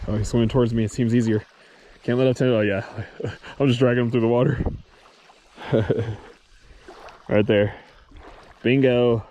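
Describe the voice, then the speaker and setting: A man vlogging his solo fishing trip outdoors, talking excitedly to the camera and the fish he catches, swearing casually as he films himself. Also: mid-range voice, a little hiss or hum. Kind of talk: excited outdoor vlog commentary. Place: outdoors on a reservoir shore.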